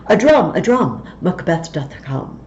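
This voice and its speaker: A woman's voice: mid-range voice, lively intonation, slow, a little mellow, a little hiss or hum, pitched above the performer's own voice. A woman voicing the wicked old witch sisters in rhythmic, incantatory chanting, from a slightly dull recording.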